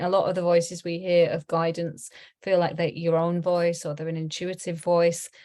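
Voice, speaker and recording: A woman's voice: lowish voice, darkish tone. Chatty middle-aged woman teaching online. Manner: chatty, rambling, frequent ums and laughs. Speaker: tarot teacher.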